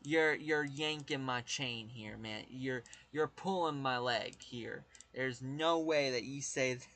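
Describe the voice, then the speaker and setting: A man's voice: mid-range voice, takes it slowly, a bit bright. A man with a Southern US accent, chatting casually with his live-stream viewers, rambling and swearing as he talks to chat.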